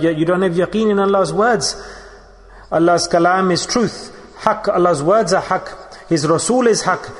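A man delivers a sermon with a somewhat high voice, moving between storytelling and recited Arabic verses. His voice rings with a long reverb, as if he is speaking in a large hall. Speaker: preacher.

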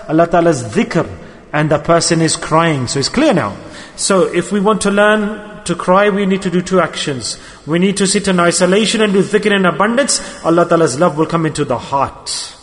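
A man's voice: high voice, a bit bright. A man preaching a sermon with emotive storytelling, repeating his key words. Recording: long hall reverb.

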